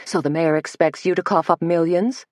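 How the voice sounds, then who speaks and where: A woman's voice: lowish voice, fairly even intonation, normal speed, a little mellow, dry recording, clean studio sound, lightly acted. A woman narrator voicing a flamboyant, gossipy male hair stylist with a theatrical manner. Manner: theatrical, shrieking.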